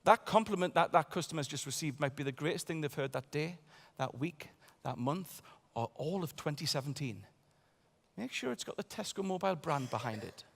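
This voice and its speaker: An animated man delivering a motivational keynote with a fairly high voice. He tells his story with bursts of volume and quiet asides, and his voice echoes with a long reverb in a large conference hall. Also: a little fast, vocal fry.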